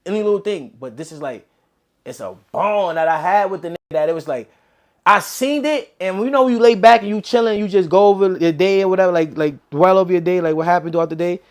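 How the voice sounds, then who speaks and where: A man telling a story in casual street slang, acting out quoted lines as he goes. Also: high voice. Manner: animated street slang, quick quoted dialogue. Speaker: interview guest.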